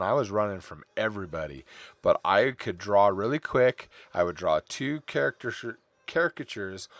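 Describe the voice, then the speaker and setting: In a dry recording, a middle-aged man from California speaks with a fairly low pitch as he streams himself drawing. His casual chat meanders into tangents and stories.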